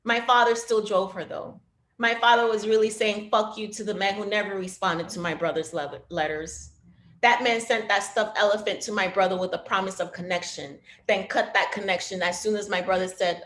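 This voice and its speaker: Woman poet reading slow and rhythmic, voice sinks quiet, echoey room sound. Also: medium pitch, steady tone. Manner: measured, rhythmic delivery, dropping to a hush. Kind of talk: poetry reading. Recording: roomy echo.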